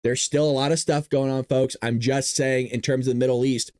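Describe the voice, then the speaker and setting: A man hosts a casual political commentary show, speaking briskly in a clean studio with no echo. He's animated and jokey, laughing often and slipping into high, silly voices.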